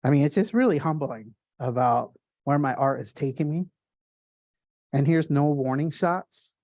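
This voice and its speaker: A man giving a casual gallery art talk, telling stories in excited, quick bursts with lots of fillers and restarts. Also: a little high, dry recording, clean studio sound. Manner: animated storyteller with many fillers and restarts.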